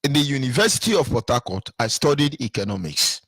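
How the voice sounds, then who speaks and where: An older Nigerian man with a husky, bright voice delivers a fiery monologue, swinging widely up and down as he repeats words for emphasis. His tone sits fairly high, and the sound is dry and close. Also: big pitch swings, brisk, no room sound. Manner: repetitive, emphatic, sing-song rises. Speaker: political commentator. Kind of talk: impassioned monologue.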